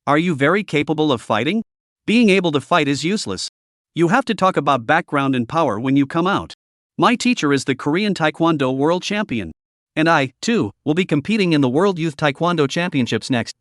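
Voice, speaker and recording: A proud, scolding young woman who leads a taekwondo club, read out by a man narrating a comic recap. Her lines come a touch high and sound dry and close. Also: lively intonation, a little fast, no echo, close to an everyday voice. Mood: haughty. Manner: haughty, scolding.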